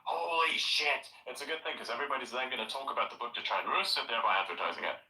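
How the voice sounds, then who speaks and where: A man's voice: mid-range voice, lively intonation, racing, sharp tone. A man in a casual group chat, sarcastic and swearing freely, heard on roomy, distant chat audio.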